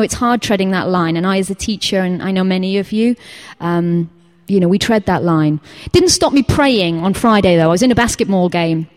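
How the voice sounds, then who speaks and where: A woman teacher from England giving an informal sermon, full of personal stories, acting out quotes and dropping to a whisper at times. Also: fairly low pitch. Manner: animated storytelling, acts out quotes, drops to whispers. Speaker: teacher giving a church talk.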